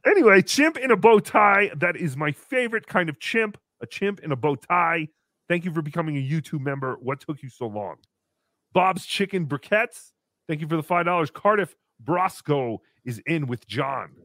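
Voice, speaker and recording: A man's voice: fairly high pitch, animated, moderate pace, a bit bright, no room sound, clean studio sound. A man doing a giggly crude green puppet. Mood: cheeky. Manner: brash, giggly, talks about himself in third person. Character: small green male puppet creature, crude and giddy. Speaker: puppet host reading donations. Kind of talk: comedy livestream puppet act.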